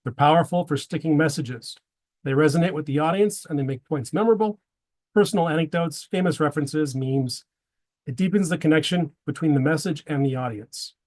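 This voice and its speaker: A man giving a prepared presentation to a men's group, slipping wry dad jokes between his tips. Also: on the high side.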